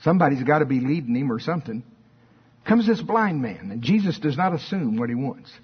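A man's voice: mid-range voice, sing-song, a little fast, slightly rough. A man preaching a fervent sermon and reading scripture aloud, in a dull lo-fi recording.

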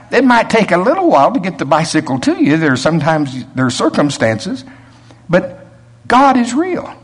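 A man's voice: on the high side, slightly rough. A man preaching a sermon in a conversational way, rising to emphatic peaks and chuckling between points.

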